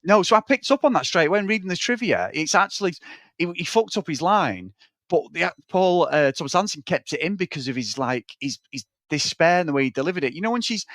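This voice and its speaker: A man on a podcast, gushing about a film he loves in long, tangled runs, dropping swear words everywhere. His voice sits a touch high for a man and sounds close and dry, with no room around it. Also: expressive, fast, a bit bright, no room sound. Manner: profane, rambling, enthusiastic. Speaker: podcast co-host. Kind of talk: casual film review chat.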